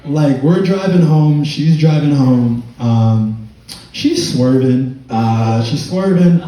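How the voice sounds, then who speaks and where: A man doing a stand-up set, his voice dark and mellow and heard from a distance in a very echoey club. He tells stories loosely, with lots of fillers, and laughs through his lines. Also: medium pitch, animated, slow pace. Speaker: stand-up comedian. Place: comedy club stage with audience laughter. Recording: echoey room, mic far off.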